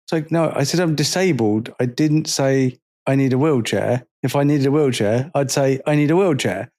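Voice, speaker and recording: Animated man telling stories. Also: medium pitch, moderate pace. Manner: animated storytelling, acts out quoted people. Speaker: podcast co-host. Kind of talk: casual chat.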